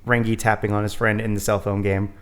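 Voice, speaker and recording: A man's voice: on the low side, level tone, fairly quick, fairly bright tone, clean tone. Meet a male podcast host chatting casually about a film. He rambles along and pokes fun at himself, laughing often. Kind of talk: casual movie commentary chat.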